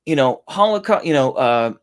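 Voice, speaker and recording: A man's voice: mid-range voice, lively intonation, moderate pace. A man giving heated, profane reaction commentary, incredulous and swearing often.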